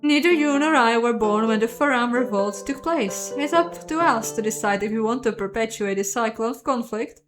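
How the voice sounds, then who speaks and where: Woman voicing a poised young empress, high and formal. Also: close to an everyday voice. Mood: diplomatic. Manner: formal, measured and persuasive. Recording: guitar music behind the voice.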